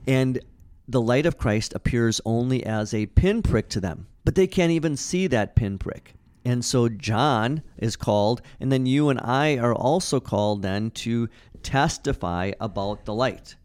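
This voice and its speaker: A man's voice: mid-range voice, expressive, unhurried, a little mellow, smooth. A man co-hosting a casual Bible study discussion, talking in an earnest, conversational way with frequent restarts.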